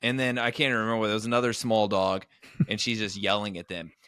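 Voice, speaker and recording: A man co-hosting a podcast, telling an animated story in a casual chat. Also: fast talker, smooth, no room sound. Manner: animated storyteller, acts out quoted people in higher voices. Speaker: podcast co-host, comedian.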